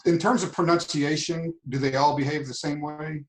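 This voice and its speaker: A man's voice: a little high, fairly even intonation, normal speed, poor audio. Hesitant male student asking a question. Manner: hesitant, stumbles over words.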